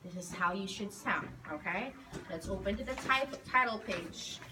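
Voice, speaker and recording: Speaking unhurriedly in a mid-range voice with lively intonation, a woman teacher takes young children through guided reading, drawing out words and patiently prompting them. The device recording her sits at a distance in a noisy school classroom.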